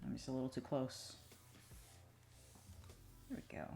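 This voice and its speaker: A woman chatting casually on a live stream while she draws, rambling to herself with many fillers and soft muttered asides. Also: a bass voice, steady tone, measured pace, vocal fry. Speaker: streaming digital artist.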